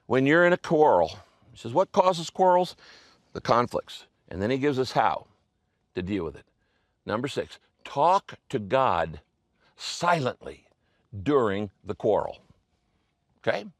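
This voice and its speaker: A man's voice: medium pitch, big pitch swings, a little slow, no echo. Conversational preacher man, dry sound. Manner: conversational preaching, many asides and checks. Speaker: pastor. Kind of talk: sermon.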